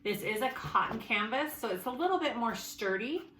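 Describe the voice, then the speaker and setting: A woman's voice: fairly high pitch, animated, normal speed, fairly bright tone. Chatty woman in an echoey room. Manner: chatty, thinking aloud, self-correcting. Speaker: sewing tutorial host. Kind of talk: casual sewing tutorial. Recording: echoey room, faint background noise.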